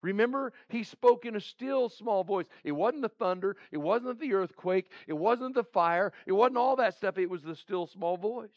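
A man's voice: sits high, normal speed, hardly any pauses, dry recording, muffled recording. A male pastor giving a heartfelt sermon who repeats his phrases for emphasis. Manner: heartfelt, pleading preaching.

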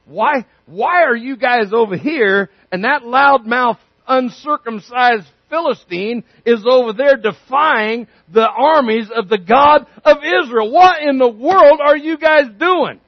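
A man preaching a sermon, telling a story with lively energy and acting out the characters' voices. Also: extremely high pitch, slow pace, few pauses, no room sound, lo-fi sound. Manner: animated storytelling, acts out voices.

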